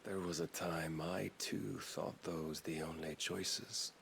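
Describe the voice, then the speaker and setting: A man's voice: low-pitched, fairly even intonation, takes it slowly, creaky, a bit bright, a little hiss or hum, exaggerated voice. An actor voicing a cold, godlike male villain in a video game, grave and preaching with contempt for mankind. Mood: scornful.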